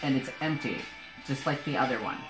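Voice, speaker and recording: A woman's voice: very deep voice, expressive, a little fast, music in the background. A woman narrating as dungeon master in a casual, rambling way. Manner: casual, rambling with many fillers. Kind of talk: narrating a tabletop game. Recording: echoey room.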